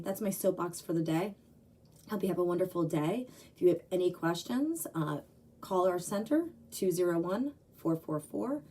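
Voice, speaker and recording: A woman's voice: lowish voice, mellow, husky, recorded from a distance, rough recording. A middle-aged woman dog trainer giving blunt, opinionated advice in a conversational talk. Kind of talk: direct-to-camera advice talk.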